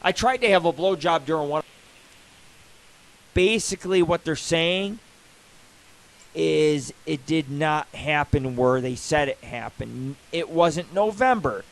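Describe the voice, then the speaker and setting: A man's voice: on the high side, lively intonation, slow, creaky, low-quality recording. A man hosting a live internet radio show, ranting in a rambling, profane, joking way.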